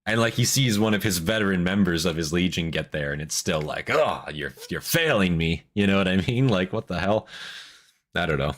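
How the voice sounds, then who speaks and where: A man hosting a reaction video, giving casual commentary that is excitable and full of swearing. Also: low-pitched, brisk. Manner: excitable, swears and laughs a lot.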